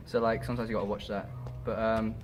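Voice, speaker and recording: A man's voice: on the low side, level tone, fast, over music. A man drama student talking in a casual group discussion, hesitant, with many ums.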